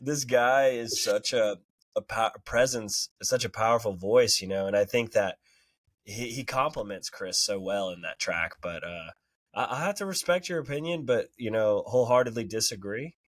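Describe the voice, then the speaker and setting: Laid-back low-voiced podcast man. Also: moderate pace, no echo. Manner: relaxed, laughs often, says "you know" and "right". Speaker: podcast co-host. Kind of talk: casual music review chat.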